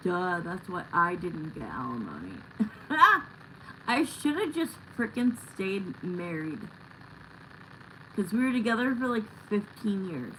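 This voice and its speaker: A woman's voice: mid-range voice, very animated, slow, pauses often, a bit bright, a little hiss or hum, rough recording. A middle-aged woman hosting a live tarot stream, chatting casually and bluntly with viewers and swearing now and then.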